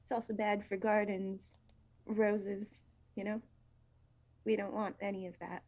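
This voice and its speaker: A woman's voice: medium pitch, flat delivery, measured pace, a little mellow, highs cut off. A woman player speaking in character in a tabletop role-playing game, casual and easygoing, often saying "you know".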